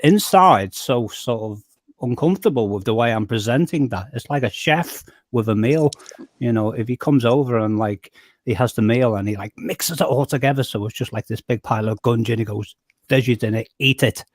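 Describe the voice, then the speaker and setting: A man's voice: mid-range voice, normal speed, no echo. A man on a video call who explains his points through stories and homely comparisons, often stammering on restarts. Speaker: panel member. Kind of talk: casual group chat on a call.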